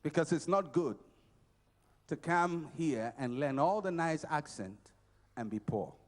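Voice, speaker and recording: Man preacher, raised voice, slow deliberate sermon, emphatic repeats. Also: fairly high pitch, lively intonation. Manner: emphatic and repetitive, swinging from shouts to quiet. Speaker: conference preacher. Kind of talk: motivational sermon.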